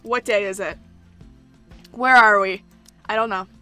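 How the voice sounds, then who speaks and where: Bright-voiced woman doing a let's play, excitable, curses a lot, gets loud, game music faint behind. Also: medium pitch, measured pace, clean tone. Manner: excitable, swears freely, sudden loud outbursts. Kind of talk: gaming commentary.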